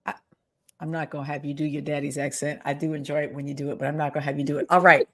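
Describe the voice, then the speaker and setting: A woman hosts a relaxed conversation, her voice sitting a little low. She talks in a chatty, easygoing way, laughing readily and thanking her guest warmly. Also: racing. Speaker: host and interviewer. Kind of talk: casual conversational interview.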